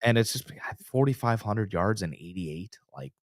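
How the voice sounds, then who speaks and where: A man co-hosting a sports podcast, telling stories in a loose, animated way with frequent restarts. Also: on the low side, moderate pace, dry recording, studio quality. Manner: animated storyteller, trails off and restarts. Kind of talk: casual sports chat.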